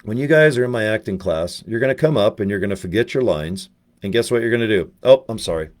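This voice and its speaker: A man's voice: lowish voice, lively intonation, a little mellow, natural voice. A man putting on the voice of his blunt, lecturing acting coach, firing questions at his students. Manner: pushy, lecturing, quick-fire questions. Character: blunt, coaxing middle-aged male acting coach.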